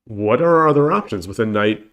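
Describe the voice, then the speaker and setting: A man with a congested, cold-thickened voice talks his way through board-game problems on a live stream. His pitch sits in an ordinary middle range. He mutters half to himself, stumbling and correcting his phrases as he weighs each move. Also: animated, a little fast, fairly bright tone. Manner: muttering, hesitant, self-correcting. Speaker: shogi streamer. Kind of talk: live-streamed puzzle solving, thinking aloud.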